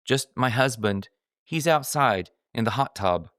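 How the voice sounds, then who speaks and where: A man voicing a frail elderly woman who is frightened and politely pleading, in a soft, shaky manner. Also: medium pitch, animated, a little slow, no room sound, studio quality. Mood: weak, shaken.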